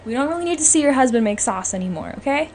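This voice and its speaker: A woman's voice: sits high, lively intonation, rapid-fire, darkish tone, slight background noise. A young woman hosting her own podcast, chatting casually and full of opinions, often tagging "okay?" onto her points. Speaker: podcast host. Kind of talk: casual solo podcast chat.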